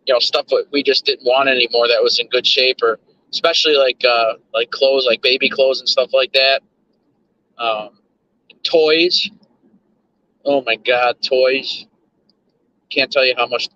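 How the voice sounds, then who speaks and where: A man's voice: medium pitch, little pitch movement, moderate pace, sharp tone, highs cut off. A man chatting loosely to his stream chat while driving, repeating words and drifting between thoughts. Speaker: livestream host. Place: in a car.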